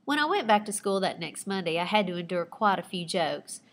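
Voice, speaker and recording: In a fairly quick, lowish voice, a female teacher reads a personal narrative with expression. Along the way she adds asides about figurative language and the techniques behind the writing.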